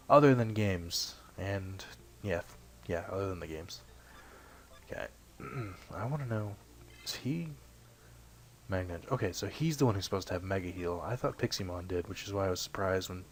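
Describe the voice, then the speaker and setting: A young man with a low, deep voice chatters loosely over a game he is playing. He wanders off topic, swears casually and pokes fun at himself, clearing his throat every so often. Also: a little hiss or hum. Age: young adult. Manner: rambling, self-deprecating, swears casually. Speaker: let's play host. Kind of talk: casual gameplay commentary.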